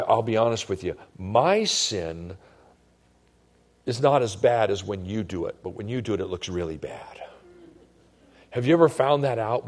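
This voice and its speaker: A man preaching a sermon in a conversational way, his voice swinging from loud emphasis to hushed tones. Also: fairly low pitch. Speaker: pastor.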